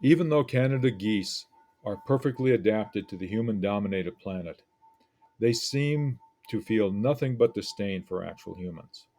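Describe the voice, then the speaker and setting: A man teaching a lesson, picking apart an essay in a deliberate, reflective way with frequent pauses. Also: lowish voice, lively intonation, dark tone.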